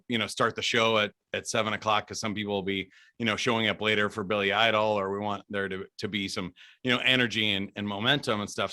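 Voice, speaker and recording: A man being interviewed as a guest, a DJ telling stories in an animated, chatty way with frequent laughs. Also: mid-range voice. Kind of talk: casual storytelling interview.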